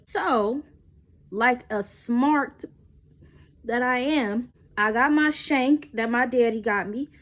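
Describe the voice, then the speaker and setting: Young woman telling a lively storytime. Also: slow. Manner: animated, acts out quotes with pitch jumps. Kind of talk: casual storytime.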